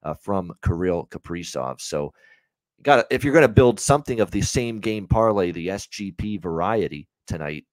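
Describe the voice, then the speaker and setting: A man with a low, deep voice talks through hockey betting picks in a loose, chatty way, rattling off stats between frequent "uh"s. The sound is dry and close, with no room around it. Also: expressive, normal speed, no room sound. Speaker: betting show co-host. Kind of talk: sports betting analysis.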